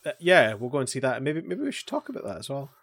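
A man co-hosts a relaxed podcast conversation. His voice sits at an ordinary pitch for a man. He speaks haltingly, with plenty of "uh" and "um" and restarts, and chuckles as he tells stories. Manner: hesitant, halting, many fillers and restarts. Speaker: podcast co-host. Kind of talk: casual chat about anime and pop culture.

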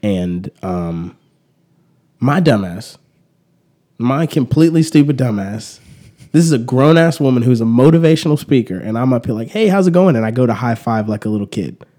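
A man's voice: medium pitch, moderate pace, warm tone. A young man hosting a podcast, telling a story in a profane, self-deprecating way. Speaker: podcast host. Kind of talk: casual podcast chat.

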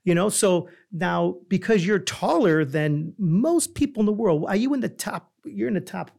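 A man's voice: high voice, lively intonation, normal speed, gravelly, darkish tone. A man hosting a podcast, chatting casually, asking questions and rambling with lots of fillers and restarts. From Italian heritage. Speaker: podcast host. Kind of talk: casual chat.

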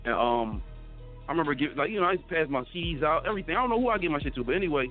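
A young man, a rapper telling stories in a casual interview, animated and slangy, stumbling over restarts. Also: fairly high pitch, racing. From Philadelphia. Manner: animated storyteller, stammering restarts, slangy, acts out quoted voices. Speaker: rapper guest. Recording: tinny phone-like radio broadcast with faint music.

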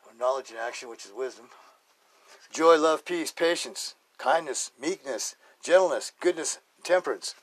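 A man with a voice on the high side, speaking at normal speed, hosts his own podcast. His monologue is casual and joking, full of laughter, rambling from stories to life advice.

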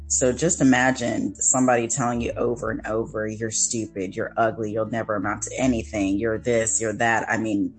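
A woman podcast co-host telling a personal story in an earnest, reflective way, slowing down to stress key words. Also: very deep voice, rough recording. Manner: earnest, reflective, with slowed emphasis.

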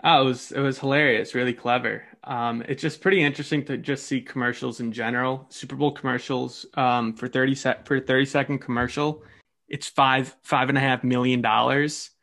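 A man co-hosting a casual podcast, talking in a rambling, halting way with many restarts. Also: medium pitch, fairly even intonation, vocal fry, fairly bright tone. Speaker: podcast co-host.

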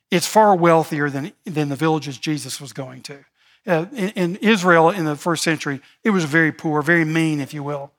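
A man preaching a sermon as pastor, building emphasis and slowing to stress key words. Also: fairly high pitch, fairly bright tone. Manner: preaching with rising emphasis, slow deliberate stresses.

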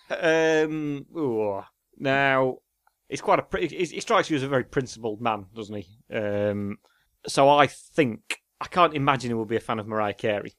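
A man's voice: medium pitch, a little slow, fairly bright tone, no echo, clean studio sound. A man co-hosting a casual chat, answering quiz questions while thinking aloud with hesitations. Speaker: podcast co-host.

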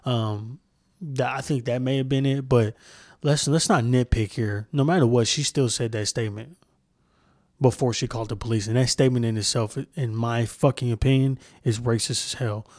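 A man's voice: mid-range voice, steady tone, moderate pace, darkish tone, no echo, studio quality. A young man hosting a solo podcast, ranting with heavy profanity and mocking impressions. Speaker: podcast host. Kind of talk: heated solo podcast rant.

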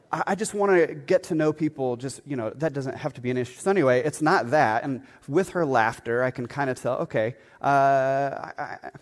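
Guy pastor rambling thru a story during a sermon, lots of ums and asides, long echo off a big church hall. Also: medium pitch. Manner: animated, chatty storyteller with many fillers and asides. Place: church sanctuary.

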